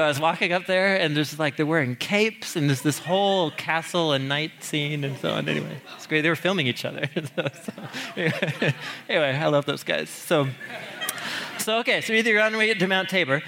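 A man teaching a sermon on the Psalms in a conversational, animated way, stressing key points and laughing now and then. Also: on the high side, a little fast, creaky, a little hiss or hum.

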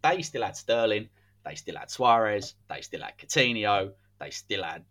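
A man's voice: on the low side, lively intonation, normal speed, sharp tone. A man, hosting a podcast and telling a football story in a casual, dramatic way. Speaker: podcast host.

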